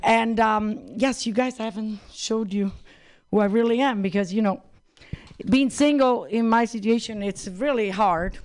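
A man's voice: high-pitched, moderate pace, clear, resonant tone. A man doing open-mic stand-up in a crude, rambling, self-mocking way. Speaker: stand-up comedian.

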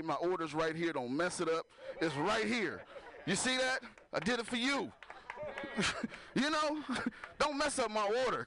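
A man's voice: high voice, bright, forceful tone. A man doing a stand-up comedy set, working the crowd loosely and laughing at his own jokes.

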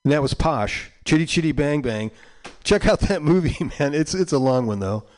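A man in his sixties hosting a community radio show, chatting casually between records in a rambling, halting way. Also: on the high side, expressive, a little mellow.

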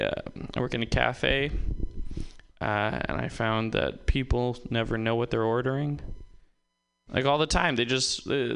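Gravelly, bright-voiced male stand-up comic. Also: mid-range voice. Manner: rambling, self-interrupting, laughing at own jokes. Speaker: stand-up comedian. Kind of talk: stand-up comedy set. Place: comedy open mic with live audience.

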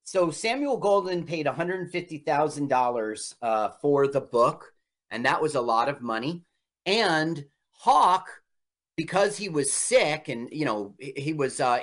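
A man's voice: on the high side, a bit bright. A man co-hosting a casual movie commentary, chatting through film history. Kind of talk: casual chat over a movie.

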